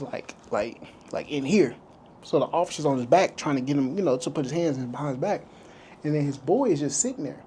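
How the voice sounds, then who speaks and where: A man vlogs to the camera, loosely retelling a story and acting out what the people in it said. His voice is fairly high and warm, with a little background noise.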